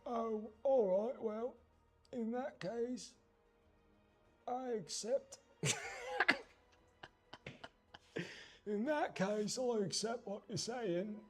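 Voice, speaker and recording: A man's voice: very high voice, slow pace, darkish tone, slightly rough, faint music behind, voice pushed up, full character voice. A man putting on a theatrical mock-British accent as a cheeky, indignant bloke during a painting stream. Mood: teasing. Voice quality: exaggerated, sing-song delivery.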